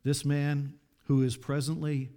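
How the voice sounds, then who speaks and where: A man preaching a sermon, reading scripture aloud and commenting, with dramatic swings from hushed pleas to loud appeals. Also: on the high side, level tone, a little slow.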